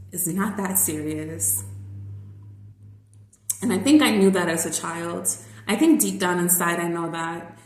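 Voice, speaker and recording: Chatty teacher lady vlogging, lots of likes and ums, sounds kinda echoey. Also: medium pitch. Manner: chatty, rambling, filler-heavy, lively. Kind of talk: casual vlog monologue. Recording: roomy echo.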